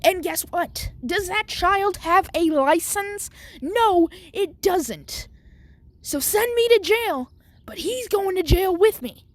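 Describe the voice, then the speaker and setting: A stern male school principal, put on by a woman storyteller, scolds in a pitched-up, indignant voice. He lectures with swinging, animated pitch and slow, pointed emphasis. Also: dry recording, exaggerated voice. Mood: lecturing.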